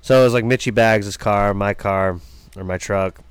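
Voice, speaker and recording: A man's voice: lowish voice, fairly even intonation, moderate pace, clean tone, no echo. A young man co-hosting a podcast, telling stories in a laid-back, self-mocking casual chat. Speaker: podcast co-host.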